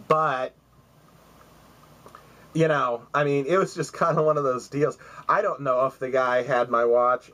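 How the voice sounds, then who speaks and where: A man's voice: mid-range voice, a bit bright, poor audio. A man in his forties telling a rambling, profane story to camera, acting out the other voices as he goes. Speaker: vlogger.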